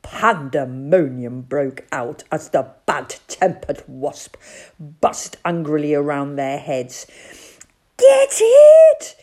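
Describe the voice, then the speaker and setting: A woman narrating a storybook in an expressive, playful way. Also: low voice, takes it slowly. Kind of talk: storybook reading.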